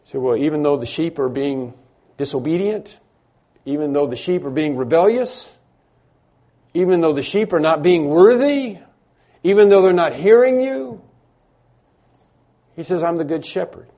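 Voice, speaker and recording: A man's voice: a little high, expressive, moderate pace, pauses often, mellow. A man preaching a sermon, emphatic, building through repeated phrases and frequent restarts. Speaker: pastor.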